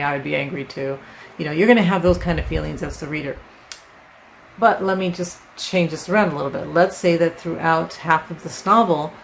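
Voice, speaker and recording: Low, gravelly-voiced woman teaching writing. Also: slight background noise, poor audio. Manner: conversational, explains with examples and frequent "right?". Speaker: writing teacher, channel host. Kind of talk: casual instructional talk to camera.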